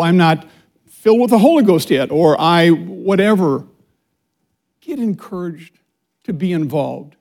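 A middle-aged man teaching a church Bible study as associate pastor, reading scripture slowly and preaching with calls to the congregation. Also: sits high. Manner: animated preaching with audience call-and-response; reads scripture slowly and deliberately. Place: church sanctuary before a congregation.

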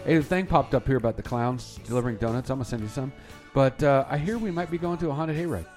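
A man's voice: mid-range voice, fast talker, faint music behind. A man co-hosting a casual morning show, teasing his partner. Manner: teasing, lively sidekick. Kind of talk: casual radio banter.

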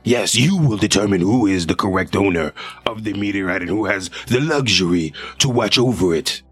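A man's voice: on the low side, moderate pace, slightly rough, soft background music. A man voicing an alien eye-creature guardian that makes stiff, formal pronouncements.

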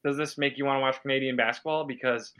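A man co-hosting a casual sports podcast, sharing blunt opinions in a bright, clear voice. He runs through the news items and moves the show along. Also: mid-range voice, fairly even intonation, fast, lo-fi sound. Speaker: podcast co-host. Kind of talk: casual chat.

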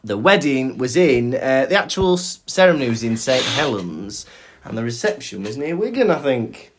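Lively man, casual podcast banter. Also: mid-range voice, moderate pace, noisy background. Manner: animated, jokey, imitates sounds while explaining. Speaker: podcast co-host. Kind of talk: casual chat.

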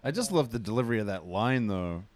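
A man's voice: on the low side, sing-song, fast talker, dry recording. A man, a guest on a casual podcast, making dry jokes.

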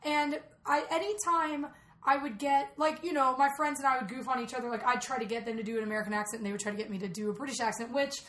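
Chatty woman in a roomy echo. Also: high-pitched. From Atlanta, Georgia. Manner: animated, chatty, quick asides. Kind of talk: casual chat. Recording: roomy echo, faint noise.

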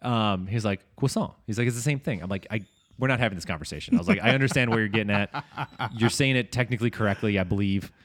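A man's voice: fairly low pitch, fast. A man co-hosting a casual podcast chat, telling stories and acting out other people's lines in funny voices. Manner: animated storyteller, acts out quotes in funny voices. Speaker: podcast co-host.

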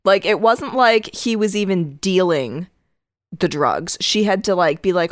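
A woman's voice: medium pitch, sing-song, moderate pace, no echo, clean studio sound. A woman, co-hosting a podcast in casual chat, blunt and indignant, swearing and saying "like" a lot. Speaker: podcast co-host.

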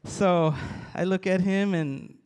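A man, a police officer, giving a halting, earnest church testimony to a congregation, with many restarts. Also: high voice, steady tone, darkish tone, clean tone. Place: church hall. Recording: long reverb of a large hall.

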